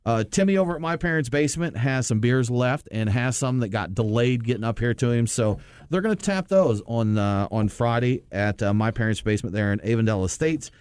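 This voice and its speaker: A man's voice: mid-range voice, a little fast, darkish tone, smooth, no room sound, clean studio sound. Easygoing male beer show co-host. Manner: easygoing event-listing delivery. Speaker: podcast co-host. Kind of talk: casual radio show chat.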